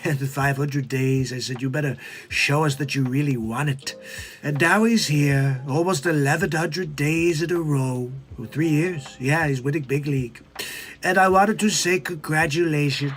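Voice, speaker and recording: A man's voice: a little high, pitched below the performer's own voice, lightly acted. A man doing a comedy impression of a boastful older male politician who repeats his catchphrases. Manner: bragging, repetitive.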